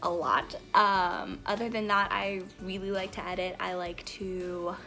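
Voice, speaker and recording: A woman's voice: fairly low pitch, little pitch movement, measured pace, bright, forceful tone. Young woman, vlogger, bubbly, giggly, rambling, casual chat to camera, faint background music. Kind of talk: casual get-to-know-me vlog. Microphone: camera mic, talking to camera.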